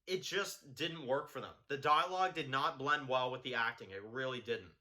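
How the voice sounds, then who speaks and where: A man's voice: medium pitch, moderate pace, pushed and bright. A man giving a blunt, profane, heated video review of a TV show.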